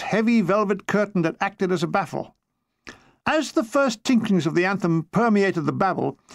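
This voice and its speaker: Reading his memoir aloud as audiobook narration, the man keeps a dry, comic storyteller's delivery and briefly slips into character voices. His voice sits high, and there's no echo.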